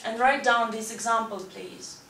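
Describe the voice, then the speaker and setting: A woman with a fairly high voice and fairly even intonation teaches English grammar at a moderate pace, breaking it into steps and checking in with "right?". The audio is from an echoey school classroom, captured from far off amid background noise.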